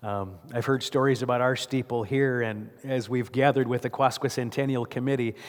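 A man's voice: medium pitch, steady tone, moderate pace. A male pastor preaching a sermon in a church sanctuary. He tells the story vividly and keeps asking the congregation rhetorical questions. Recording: long church reverb.

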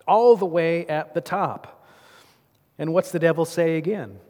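A man's voice: a little high, unhurried, darkish tone. Storytelling male preacher in a reverberant church. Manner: storytelling, with rhetorical questions. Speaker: pastor. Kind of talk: sermon.

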